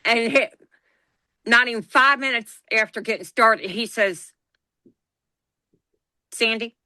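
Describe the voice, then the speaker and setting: Woman, middle-aged, unhurried, bright tone, dry recording, animated storytelling. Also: on the high side, dry recording. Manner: animated retelling, acts out quoted dialogue. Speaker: podcast co-host. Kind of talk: personal storytelling.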